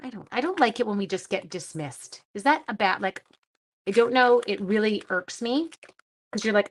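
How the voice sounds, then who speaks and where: A woman, hosting a casual livestream craft demo, chatty, giggly and quick to poke fun at herself. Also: mid-range voice, slight background noise. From Canada. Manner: chatty, giggly and self-deprecating. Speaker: craft class host and schoolteacher.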